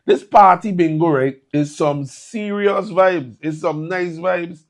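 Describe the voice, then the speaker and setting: A man's voice: sits high, takes it slowly. A man with a U.S. hosting a live morning show, upbeat with hyped greetings and local slang.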